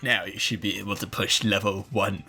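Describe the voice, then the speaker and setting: A man voicing a scheming old farm woman in a raspy, smoker-like, emperor-style villain voice. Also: fairly low pitch, fairly even intonation, sharp tone, voice pushed down, full character voice. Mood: gloating. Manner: menacing, drawn-out villain delivery.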